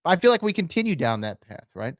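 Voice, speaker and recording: A man's voice: fairly high pitch, big pitch swings, fast, dry recording, clean studio sound. A man co-hosting a podcast, casually setting up clips with plenty of ums and uhs. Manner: conversational, introduces clips with fillers. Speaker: podcast co-host. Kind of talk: casual chat.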